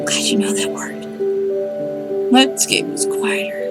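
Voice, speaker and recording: A woman streaming a game live, reading the game's text aloud and chatting, reacting out loud and talking to her cat. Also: takes it slowly, loud music behind the voice, low-quality recording.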